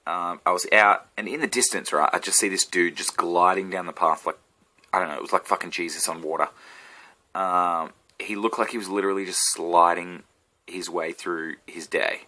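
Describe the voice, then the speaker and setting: A man's voice: deep voice, steady tone, normal speed, pushed and bright. An Australian man, a comedian, rambling and swearing through an off-the-cuff vlog rant with a sore throat. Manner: meandering, swearing, self-interrupting. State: sick throat.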